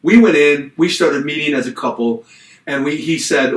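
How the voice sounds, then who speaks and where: A middle-aged man co-hosts a podcast, casually recounting a long personal story and performing the voices of the people in it like an animated storyteller. His voice sits on the high side at a moderate pace. The recording is rough, with a distant mic in an echoey room.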